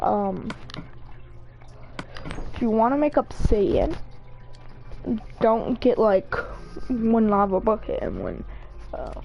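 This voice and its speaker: A woman's voice: fairly high pitch, sing-song, slow pace, gravelly, pauses often, lo-fi sound. A young woman streaming a game, chatting casually and rambling through jokey, absurd asides. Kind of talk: casual gameplay commentary.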